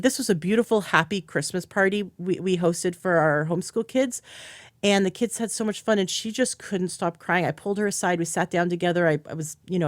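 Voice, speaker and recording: In a dry, studio-quality recording, a woman with a fairly low-pitched voice hosts a podcast as a health coach. She's enthusiastic and chatty in this casual interview, acting out quoted speech.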